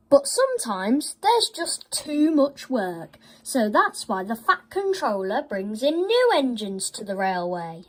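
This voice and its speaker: A woman telling a children's story in an expressive, animated way. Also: on the high side, slow pace, low-quality recording.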